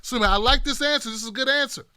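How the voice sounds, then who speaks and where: A man riffs on political clips with a jokey, sarcastic edge, now and then acting out other people's voices. His voice sits high and sounds bright and crisp. The sound is dry, with no room echo. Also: rapid-fire. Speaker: political commentator. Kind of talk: casual commentary on clips.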